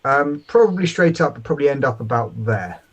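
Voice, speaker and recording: A man's voice: medium pitch, animated, brisk, slightly rough. Brief: male tabletop player, mid voice, unsure and plain-spoken. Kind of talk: tabletop game chat.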